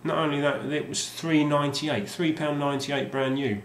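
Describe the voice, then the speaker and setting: A man's voice: fairly high pitch, steady tone, normal speed, slight background noise. A man casually showing off his game collection, rambling and hesitant with lots of ums and restarts. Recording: roomy sound with faint ambience.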